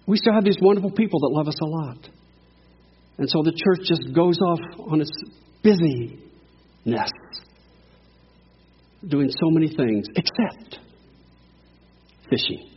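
A middle-aged guest pastor with a slightly high, somewhat rough voice preaches a sermon, recorded with the highs cut off. He tells a story and swings between hushed lines and loud cries.

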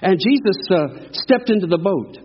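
A man's voice: high-pitched, animated, moderate pace, noisy background. A man preaching a sermon to a church in a folksy, call-and-response style. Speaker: guest preacher. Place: church sanctuary. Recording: echoey hall, dull lo-fi sound.

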